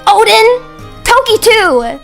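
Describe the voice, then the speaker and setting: Very high-voiced woman ranting on stream. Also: sing-song, slow pace, creaky, soft background music. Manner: heated, ranting, rising to shouts. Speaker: vtuber streamer. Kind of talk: casual stream rant.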